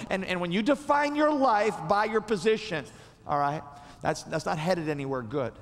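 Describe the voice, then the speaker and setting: Guy pastor preaching, kinda high voice, chatty and animated, big hall echo. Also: fairly quick. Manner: animated, conversational, often restarting words. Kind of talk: sermon.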